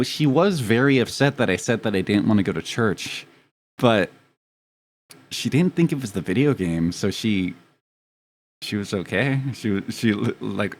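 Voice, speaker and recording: A young man chatting casually with his live stream audience, telling rambling, profane, self-mocking stories. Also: lowish voice.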